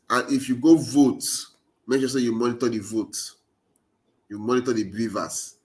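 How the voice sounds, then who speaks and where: Nigerian pidgin guy ranting about politics, mid-pitch voice, keeps hammering the same lines. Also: fairly even intonation, normal speed, darkish tone. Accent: Nigerian Pidgin English. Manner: urgent, exhorting with repeated rallying phrases. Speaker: political commentator. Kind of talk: impassioned political monologue.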